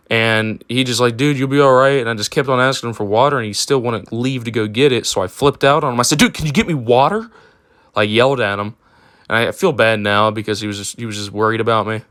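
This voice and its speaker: A man's voice: medium pitch, fairly even intonation, brisk, a bit bright, smooth, no room sound, clean studio sound. A young man telling a personal story in a casual, rambling way, with lots of fillers and swearing. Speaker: storytime vlogger.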